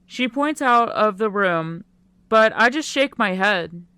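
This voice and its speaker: Woman reading a teen romance audiobook, slow and quiet, super clean voice, dry sound. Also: medium pitch, lively intonation, clear, resonant tone, no echo. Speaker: audiobook narrator. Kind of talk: first-person audiobook narration.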